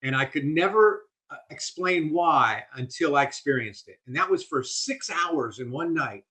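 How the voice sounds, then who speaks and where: An older man, a guest on a podcast interview, telling stories in an animated, vivid way. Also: fairly high pitch, moderate pace. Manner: animated storyteller, vivid delivery. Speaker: guest speaker.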